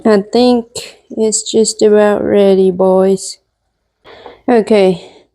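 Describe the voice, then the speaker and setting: A woman's voice: mid-range voice, mellow. Playful woman doing a kitchen tutorial. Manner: playful, joking asides to viewers. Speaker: cooking vlogger.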